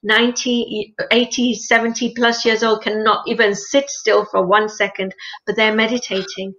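A woman guest in an interview, explaining spiritual practice in an earnest, gently instructive way and repeating phrases for emphasis. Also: fairly high pitch, little pitch movement, moderate pace. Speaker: interview guest, meditation teacher. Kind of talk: conversational interview. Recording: lo-fi muffled sound.

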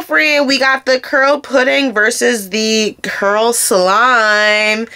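Young woman doing a hair vlog, chatty and animated, talks to the camera like it's her girls. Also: fairly high pitch, extremely slow, smooth. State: raspy just-woken voice. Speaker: hair vlogger. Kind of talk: casual hair tutorial vlog.

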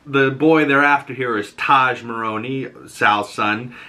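A man hosting a podcast, recapping a TV episode in a casual, animated way, laughing and swearing often. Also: mid-range voice, slow pace. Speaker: podcast host.

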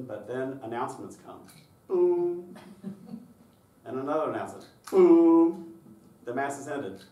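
A man leading a workshop on children's singing, lively and demonstrative, acting out the voices he describes. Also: on the low side. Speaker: choral music clinician. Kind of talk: conference workshop presentation. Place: conference session room. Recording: echoey room from far off.

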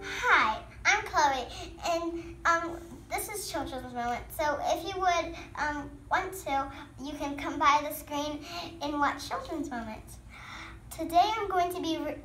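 A woman's voice: high voice, measured pace, a bit bright, slight background noise. A woman telling a children's Bible story in a hesitant way with ums, addressing kids at church.

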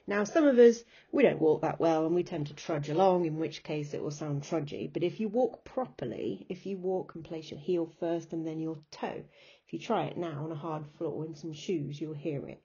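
A woman English teacher with a British accent giving a recorded lesson, slowing down to stress and repeat rhythms as she demonstrates them. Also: sits low, warm tone, slightly rough. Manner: clapping out rhythms, slow emphatic demonstrations. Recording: dull lo-fi recording.

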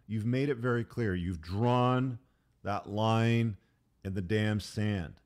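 A man's voice: fairly low pitch, takes it slowly, a little mellow. A man hosting a podcast, giving blunt, emphatic advice and telling stories. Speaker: podcast host. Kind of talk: advice monologue with anecdotes.

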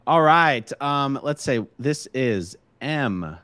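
A man's voice: mid-range voice, animated, slow, a bit bright, no echo. A man co-hosting a casual live stream who reads viewer comments aloud and chats about them over a video call. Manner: chatty, reading comments aloud. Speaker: co-host reading viewer chat.

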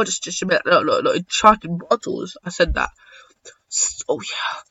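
A young man giving excitable, joking commentary while playing a video game, swearing now and then. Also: high-pitched, moderate pace, breathy edge, no echo. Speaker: gaming YouTuber. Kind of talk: casual gameplay commentary. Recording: dull lo-fi dry sound.

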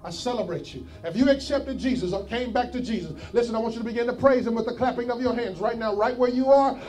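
A high-pitched male preacher delivers an altar call from the pulpit, repeating his pleas again and again and building to shouts. Soft music plays beneath his voice. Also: quick pace. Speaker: pastor.

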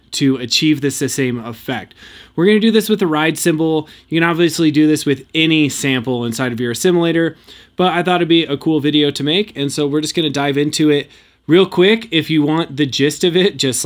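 A man hosting a hands-on synth tutorial, explaining casually with plenty of fillers. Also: medium pitch. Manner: relaxed, filler-heavy explaining. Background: electronic music playing from his rack.

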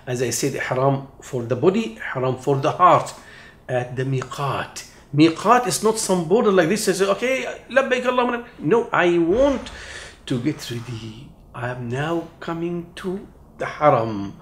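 A man preaching a teaching sermon, emphatic, and he moves between loud declarations and hushed, intense passages while answering his own rhetorical questions. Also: medium pitch. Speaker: Islamic preacher. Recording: echoey room.

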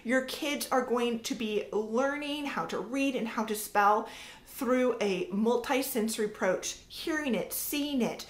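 A woman's voice: a little high, a little slow, reverberant. A woman in her thirties, a homeschooling mother, casually explaining how to teach reading with sounded-out examples. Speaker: homeschool mom and educator. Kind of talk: casual teaching talk to camera.

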